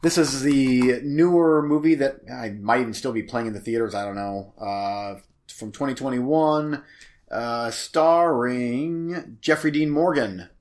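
A man's voice: medium pitch, a little slow, a little mellow. A man co-hosting a casual movie review chat, rambling and hesitant as he sums up plots and gives his opinions. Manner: rambling, hesitant, full of restarts. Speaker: podcast co-host.

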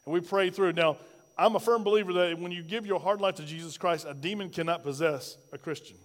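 Guy pastor preaching, high-ish voice, lots of questions to the crowd, echoey church. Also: brisk. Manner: preaching with rhetorical questions and a personal story. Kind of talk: sermon.

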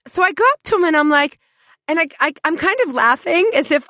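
A woman co-hosting a podcast, telling a story in a sarcastic, animated way and acting out what people said. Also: high-pitched, a little fast, no echo, studio quality. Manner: animated, sarcastic, acts out quotes loudly. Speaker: podcast co-host. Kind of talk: comedic storytelling chat.

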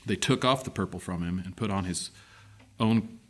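A man reading a gospel passage aloud in church, deliberate, with small hesitations. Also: deep voice. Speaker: scripture reader.

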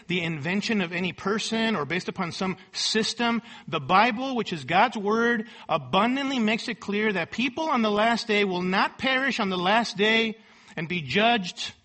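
A man delivers a sermon in a sharp tone, quoting scripture with emphatic, rising force and letting his voice sink low as each thought ends.

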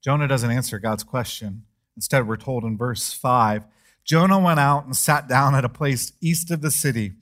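A middle-aged man preaching a sermon as pastor, animated and dramatic, acting out the voices of biblical figures. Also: moderate pace. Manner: animated, acts out biblical voices with rising pitch and volume.

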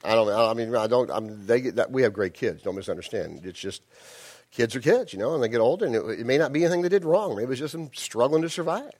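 A man's voice: medium pitch, lively intonation, quick pace, a little mellow. A male pastor preaching in a conversational way, with frequent restarts and asides to the congregation. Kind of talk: sermon.

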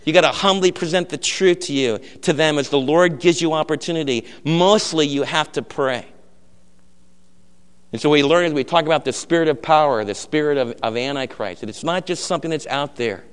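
A man preaching a sermon as pastor, telling a story in an earnest way with frequent soft drops. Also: on the high side, brisk, clear, resonant tone. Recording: long hall reverb.

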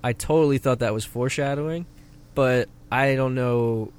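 A man's voice: medium pitch, moderate pace, smooth. A man hosting a casual podcast chat, rambling and restarting his sentences and laughing often. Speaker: podcast host. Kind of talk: casual chat about an anime.

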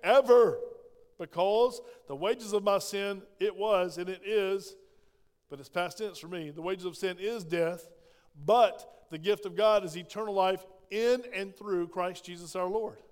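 Older pastor preaching hard, high-pitched voice bouncing around a big church hall. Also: male voice, measured pace. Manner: emphatic preaching with call-and-response questions. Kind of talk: sermon. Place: church sanctuary. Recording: echoey church hall reverb.

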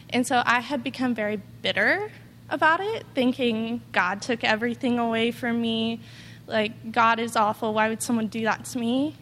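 A woman's voice: a little high, fairly bright tone, big-room sound, slight background noise. A woman giving an earnest, rambling personal testimony, full of "like" and quoted asides. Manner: earnest, rambling, heavy use of "like". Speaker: testimony speaker.

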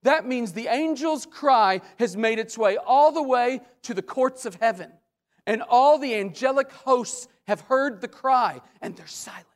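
A man preaching a sermon as a pastor, with dramatic swings between loud questions and hushed asides. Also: extremely high pitch, measured pace. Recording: long hall reverb.

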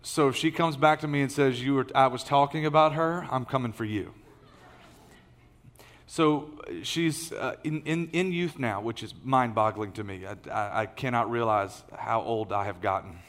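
Speaking at a normal pace with a medium-pitched, slightly bright voice, a middle-aged man preaches as lead pastor. The sermon is folksy and conversational, with many fillers and restarts, and the large church auditorium gives the recording a long hall reverb.

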